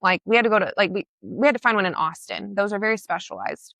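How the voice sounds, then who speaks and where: A woman tells her story with blunt, emotional emphasis and the odd swear word. Her voice is bright and forceful. The sound is close and dry, with no room in it. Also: mid-range voice, expressive, quick pace, dry recording. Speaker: guest. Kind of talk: personal storytelling in conversation.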